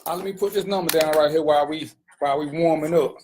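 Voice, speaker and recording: A man's voice: on the high side, fast, darkish tone, slight background noise. A man hosting an internet radio talk show, slangy and casual, greeting viewers by name.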